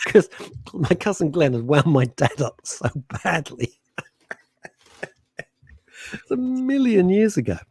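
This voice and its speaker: A man's voice: fairly high pitch, sing-song, slow pace, long pauses, a little mellow, breathy edge. A man co-hosting a radio show, telling rambling stories with a lot of laughter. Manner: laughing, chatty storyteller. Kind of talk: casual radio chat. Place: radio studio.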